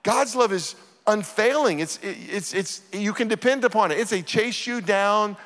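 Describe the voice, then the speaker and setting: A middle-aged pastor with a high, slightly bright voice preaches a sermon at normal speed, reading scripture earnestly and emphatically. Reverb from the church hall colors the recording.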